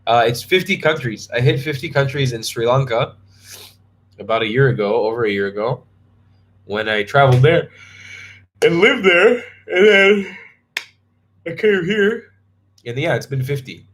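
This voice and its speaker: A travel vlogger, young and tired, yawns while casually chatting on a live stream in a medium-pitched, slightly bright, expressive voice. He speaks at normal speed with long pauses, rambling and restarting as he answers viewer comments.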